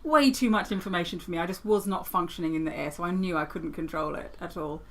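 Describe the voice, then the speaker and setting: A woman from the UK, a paramotor pilot, talking as a podcast guest in a thoughtful, halting way. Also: fairly low pitch, vocal fry. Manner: thoughtful, halting, restarts phrases. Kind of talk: casual interview chat.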